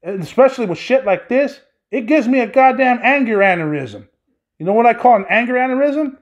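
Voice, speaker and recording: A man's voice: extremely high pitch, lively intonation, fairly quick. A man hosting his own podcast, delivering an angry, profanity-laden solo rant. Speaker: podcast host. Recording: dull lo-fi recording.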